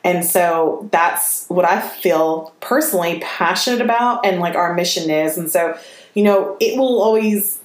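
A woman's voice: on the low side, a little slow. A woman co-hosting a podcast, talking earnestly and at length in a casual chat. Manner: earnest and talkative, laughs easily. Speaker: podcast co-host. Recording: roomy echo with faint noise.

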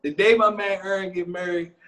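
A man's voice: high voice, steady tone, fairly quick, fairly bright tone. A man in casual chat, joking around with a slangy, playful delivery and frequent laughs.

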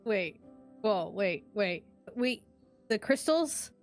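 A woman's voice: mid-range voice, sing-song, takes it slowly, soft background music. A woman playing a tabletop game, speaking hesitantly with stammers and small laughs. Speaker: player. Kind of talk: tabletop role-play banter.

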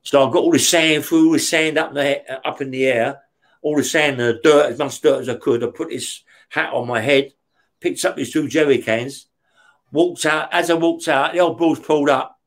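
Rough-spoken man telling stories. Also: a little high, fairly even intonation, moderate pace. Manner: heavy swearing, frequent "yeah?" tag questions. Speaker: interview guest. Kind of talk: casual storytelling.

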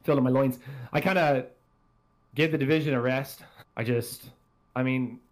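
A man's voice: medium pitch, fairly even intonation, normal speed. A man hosting a casual gaming podcast, rambling and swearing freely as he talks. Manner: rambling, profane, self-deprecating. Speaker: podcast host.

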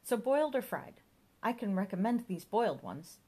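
A woman's voice: medium pitch, sing-song, normal speed, a little mellow, slightly rough, pitched above the performer's own voice. A woman voicing an eccentric middle-aged mother who chatters in a dotty, matter-of-fact way.

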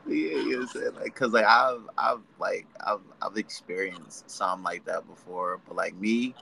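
A man's voice: on the low side, normal speed, gravelly, pushed and bright, rough recording. A man co-hosting a podcast in casual chat, rambling in laid-back slang and acting out little quoted exchanges. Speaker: podcast co-host.

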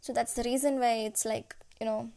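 A woman's voice: on the high side, steady tone, fairly quick, gravelly, warm tone. A woman in her twenties who is not a native English speaker, talking unscripted on her own podcast, searching for words and full of fillers. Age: 20s. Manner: rambling, searching for words, frequent laughs and fillers. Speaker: podcast host. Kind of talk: unscripted solo podcast intro. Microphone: podcast app recording.

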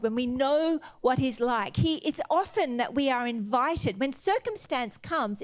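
High-voiced woman preaching a sermon. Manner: retells scripture with acted quotes, earnest and exhorting.

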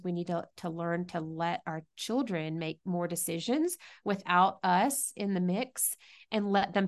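A middle-aged woman talks in a lowish voice as a podcast guest, earnest and reflective. She circles back and restarts phrases as she works through her thoughts in an easy, conversational way. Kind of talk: conversational interview.

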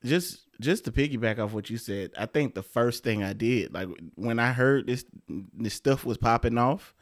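Casting: relaxed dad-type man, mid pitch, dry close mic, anecdotal chat. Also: moderate pace, dry recording. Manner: relaxed storyteller, acts out family quotes. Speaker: podcast co-host. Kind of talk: casual chat.

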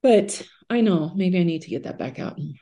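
A woman's voice: fairly low pitch, lively intonation, moderate pace, warm tone. A middle-aged woman, a podcast guest, telling personal stories in an earnest, conversational way with casual fillers. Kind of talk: reflective personal storytelling.

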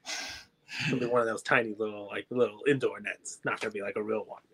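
A man co-hosting a podcast, chatting about sports in an excitable, jokey, rambling way. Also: fairly low pitch, fast talker, husky. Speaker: podcast co-host. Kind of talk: casual sports chat.

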